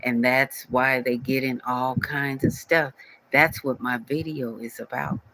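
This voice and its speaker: Scolding man, bright close voice. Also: mid-range voice, flat delivery, measured pace, creaky, no echo, poor audio. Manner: scolding, repetitive, speaks directly to viewer. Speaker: channel owner addressing a commenter. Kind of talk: casual scolding vlog rant.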